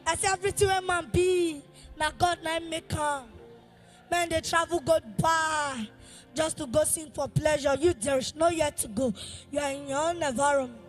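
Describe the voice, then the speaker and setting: Fervent high-voiced Nigerian woman worship leader. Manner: fervent, half-sung, often shouted lines. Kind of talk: chanted praise worship with call and response. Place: church service.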